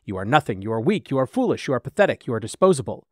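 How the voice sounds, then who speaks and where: A man's voice: mid-range voice, big pitch swings, rapid-fire, no echo, clean studio sound. A man voicing an unhinged AI chatbot that swings from groveling to menacing, in a melodramatic, repetitive delivery. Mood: cold menace.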